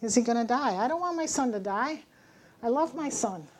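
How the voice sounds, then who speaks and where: Earnest higher-voiced woman giving a testimony. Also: expressive, moderate pace, darkish tone. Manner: earnest, emphatic, storytelling with acted dialogue. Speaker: Bible teacher giving a testimony. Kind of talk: church testimony talk.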